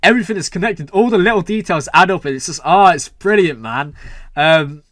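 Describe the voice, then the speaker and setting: A young man hosting a show reaction, rambling excitedly with lots of "like" and "man". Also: high voice, fairly quick, dry recording, studio quality. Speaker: reaction video host. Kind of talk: excited casual reaction talk.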